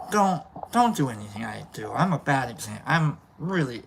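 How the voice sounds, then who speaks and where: A man's voice: mid-range voice, big pitch swings, moderate pace, creaky, hardly any pauses, a little hiss or hum. A man hosting a livestream, rambling and joking through a casual sign-off, swearing now and then. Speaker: livestream host.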